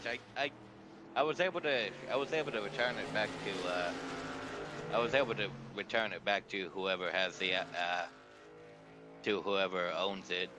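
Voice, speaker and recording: A man as color commentator in a race broadcast, talking haltingly with many restarts. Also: low-pitched, bright, forceful tone, slight background noise.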